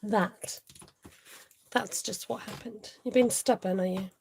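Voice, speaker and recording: A woman's voice: medium pitch, steady tone, slow, creaky, darkish tone, slight background noise. A woman hosting a casual live craft tutorial, thinking aloud as she works and chatting to viewers.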